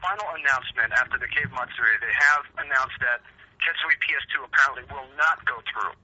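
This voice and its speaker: A man co-hosting a gaming podcast, telling stories in an animated, profane way during casual chat. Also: medium pitch, quick pace. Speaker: podcast co-host. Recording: dull lo-fi podcast audio.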